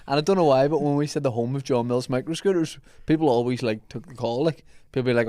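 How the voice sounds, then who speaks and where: A man co-hosting a podcast, telling animated stories and laughing often. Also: medium pitch, fast talker, clean tone, dry recording, clean studio sound. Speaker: podcast co-host. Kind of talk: casual storytelling.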